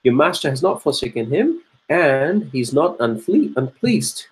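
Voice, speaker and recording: A man teaching Quranic Arabic grammar, explaining step by step with frequent restarts and throat-clearing, and chanting verses between explanations. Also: fairly high pitch, very animated, a little slow. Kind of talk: grammar lesson.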